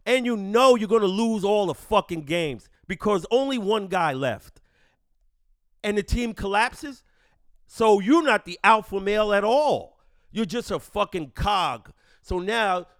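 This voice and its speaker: A brash podcast host, a man whose voice sits fairly high for a man. He is boastful and emphatic and swears freely. The sound is close and dry. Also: animated, unhurried, a bit bright, no room sound. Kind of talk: profane casual commentary. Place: home studio in the Bronx.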